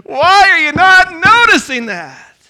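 A man's voice: extremely high pitch, sing-song, takes it slowly, sharp tone, pitched above the performer's own voice, full character voice. A man voicing a self-pitying worshipper who whines and wails for attention. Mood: whiny. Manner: whiny, wailing complaint. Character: whiny self-pitying worshipper demanding notice.

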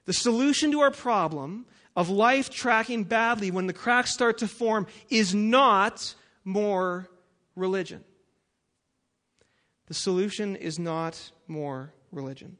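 A man delivering a sermon, his voice pitched high and ringing bright. He reads scripture aloud and preaches with emphatic force, driving his points home. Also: slow pace. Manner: emphatic, building to forceful peaks. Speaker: pastor.

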